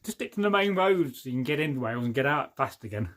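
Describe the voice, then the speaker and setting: A middle-aged Englishman hosts a livestream, chatting casually as he reads viewer comments aloud, cracking jokes, wandering into rambling asides and laughing often. His voice is medium in pitch, with lively intonation and a quick pace.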